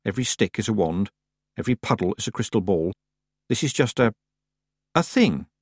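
A young girl apprentice witch protests in a high, pleading voice, as a male narrator puts her on. She sounds scared yet stubborn. The reading is dry and close, with a slightly husky grain. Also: expressive, fairly quick, dry recording. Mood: shaky. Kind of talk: audiobook character voice.

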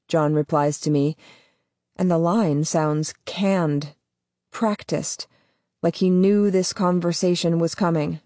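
Low-voiced woman narrating an audiobook. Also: fairly even intonation, takes it slowly, dark tone, dry recording. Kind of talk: scripted first-person audiobook narration.

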